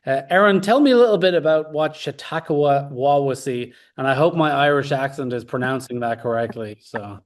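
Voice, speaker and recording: A man's voice: mid-range voice, a little fast, hardly any pauses. A man hosting a casual interview, chatty and joking, with hesitant "uh" and "um" fillers. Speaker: TV show host, interviewer.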